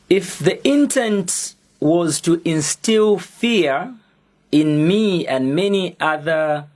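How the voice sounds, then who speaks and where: A young adult Zambian man with a Zambian accent reads a prepared public statement as an activist, slow, deliberate and defiant. His voice is medium in pitch and a little mellow.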